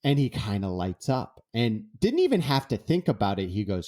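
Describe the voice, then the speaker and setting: Animated man telling a story. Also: on the low side, normal speed, few pauses. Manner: animated, acts out dialogue. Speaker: guest author. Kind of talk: storytelling in an interview.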